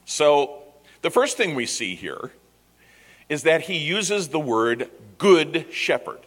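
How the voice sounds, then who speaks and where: A man preaching a sermon, retelling a scripture story in lively, conversational words. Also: a little high, slow pace. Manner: animated storytelling with paraphrased dialogue. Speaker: pastor. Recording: echoey hall reverb.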